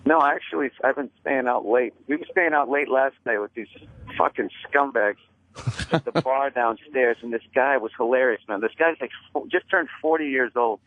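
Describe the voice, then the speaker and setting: A man telling stories in a casual chat, deadpan and self-mocking, calling in as a comedian guest. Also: medium pitch, normal speed, no echo. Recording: dry tinny phone line.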